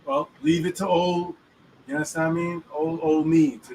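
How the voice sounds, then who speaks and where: A man's voice: a little high, fairly even intonation, normal speed, darkish tone. A man hosting a casual chat about the weekly Torah portion, using street slang and often checking that the listener follows him. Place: inside a moving car. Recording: distant mic in a car with faint road noise.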